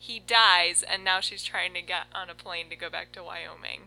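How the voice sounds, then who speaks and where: A woman telling a story in casual chat, animated and correcting herself as she goes. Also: lowish voice, moderate pace, gravelly, faint music behind, low-quality recording.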